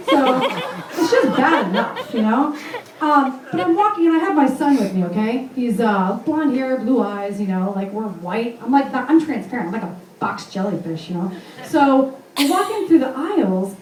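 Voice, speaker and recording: A woman's voice: high voice, a little mellow, reverberant, recorded from a distance, slight background noise, low-quality recording. A woman from Vermont in her thirties doing a brash, self-mocking stand-up set in a comedy club. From Vermont, USA.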